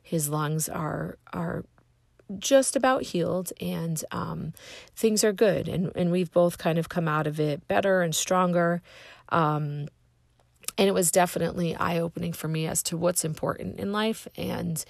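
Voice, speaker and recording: A woman with a low, gravelly voice tells a personal faith story in an earnest, halting way. She often pauses and restarts as she looks for words. The sound is close and dry. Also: dry recording. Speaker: speaker sharing a personal story.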